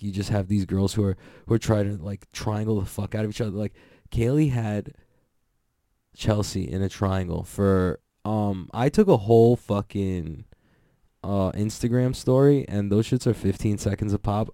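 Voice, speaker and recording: Young male host, loose excitable recap talk with lots of swearing; dark, mellow tone. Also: lowish voice, normal speed, no echo, clean studio sound. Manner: rambling, profane, excitable, laughs often. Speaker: podcast host recapping jiu-jitsu events. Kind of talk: casual solo recap.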